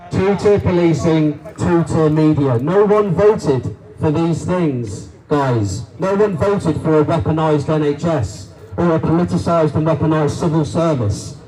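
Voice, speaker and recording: A man with a voice on the high side delivers a rousing political rally speech at a measured pace, hardly pausing. He is forceful and repetitive, repeating lines and calling the crowd "guys." His voice sounds distant, with faint crowd noise behind it.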